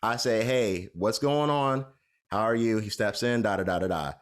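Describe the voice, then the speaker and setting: Low-voiced man telling a rambling story. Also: normal speed. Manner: rambling anecdote with fillers like "da, da, da". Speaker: podcast co-host. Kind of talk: casual storytelling chat.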